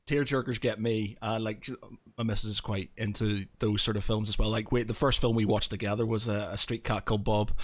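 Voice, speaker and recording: A man's voice: on the low side, a little fast, dry recording. A man co-hosting a podcast, chatting casually and telling stories with lots of laughter. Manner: animated, laughing storyteller. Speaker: podcast co-host. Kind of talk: casual chat.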